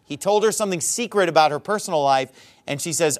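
A man preaching a sermon, quoting scripture in old wording and explaining it with lively asides. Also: a little high, quick pace. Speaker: pastor.

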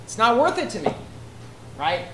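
A woman's voice: a little high, very animated, normal speed, background noise. A woman preaching a sermon who reads scripture aloud and explains it in a conversational way, often checking in with "right?". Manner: conversational, keeps asking "right?". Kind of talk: expository sermon. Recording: echoey room with faint ambience.

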